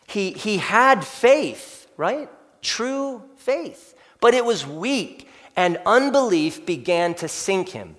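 High-voiced pastor preaching in a reverberant hall. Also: male voice, a bit bright. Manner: conversational preaching, often calls listeners folks. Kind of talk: sermon. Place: church sanctuary.

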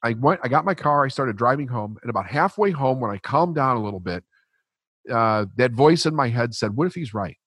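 Man, husky voice, dry close mic, blunt profane storyteller, podcast guest. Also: mid-range voice, lively intonation, a little fast, a bit bright, no room sound. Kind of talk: storytelling in conversation.

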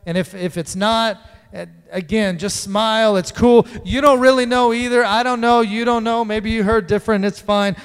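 A man delivers a sermon to his congregation, teaching conversationally and dropping playful asides as he goes. His voice sits high and rings clean. The sound carries a long hall reverb. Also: clean tone. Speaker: pastor.

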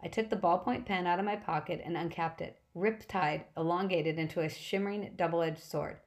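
A woman reading an adventure novel aloud as an audiobook narrator, with a lowish voice. Her first-person telling is brisk and lively.

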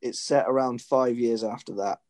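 A man's voice: medium pitch, steady tone, moderate pace, darkish tone. A man in casual conversation who restarts his sentences often and chuckles as he talks. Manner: hesitant restarts, chuckling asides. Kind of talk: casual chat.

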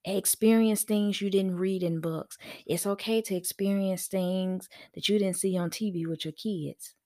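A woman hosting a casual podcast, telling stories animatedly, laughing often and acting out quotes. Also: medium pitch. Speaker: podcast host. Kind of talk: casual storytelling monologue.

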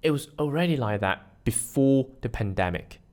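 This man from Malaysia speaks at normal speed in an expressive, mid-range voice with a darkish tone. Hosting a scripted podcast on his own, he drills pronunciation and mocks himself playfully.

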